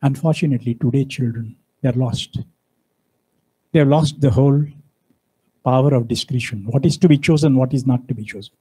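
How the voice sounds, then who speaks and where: A man's voice: mid-range voice, a little fast, dark tone, breathy edge, low-quality recording. A man giving a university lecture, speaking emphatically and asking his audience frequent rhetorical questions. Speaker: guest speaker.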